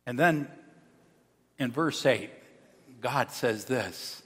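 A male pastor giving a sermon, swinging between loud emphasis and soft, hushed lines. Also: medium pitch, animated, slow pace, creaky, long pauses, husky. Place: church sanctuary. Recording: long reverb of a church hall.

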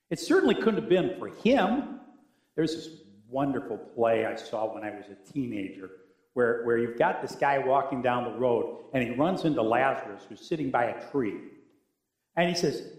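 A male pastor preaching a sermon with animated, humorous storytelling. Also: mid-range voice, moderate pace. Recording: echoey room.

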